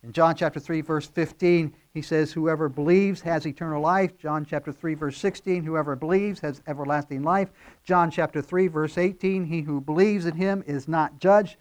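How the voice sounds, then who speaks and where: A man's voice: a little high, fairly even intonation, normal speed. Earnest preaching man, rising emphasis. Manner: earnest, teaching, with emphatic rises and frequent fillers. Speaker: pastor. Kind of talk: verse-by-verse sermon.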